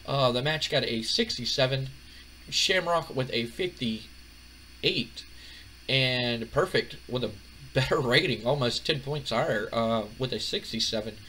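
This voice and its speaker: Guy rambling through a wrestling sim playthrough, bright voice, lots of uhs. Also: medium pitch, measured pace, a little hiss or hum, low-quality recording. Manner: chatty, rambling, many fillers. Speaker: gaming channel host. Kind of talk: casual game playthrough narration.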